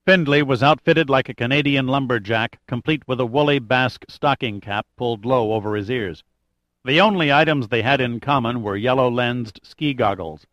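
Steady male audiobook narrator, dry sound. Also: medium pitch, no room sound, dull audio. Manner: steady, measured, lightly dramatic. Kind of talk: scripted narration.

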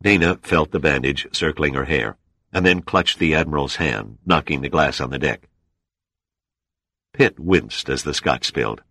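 A male audiobook narrator with an extremely deep voice, reading in a steady, measured way. The recording is dry and close, with no room sound. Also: vocal fry, dry recording. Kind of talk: scripted narration.

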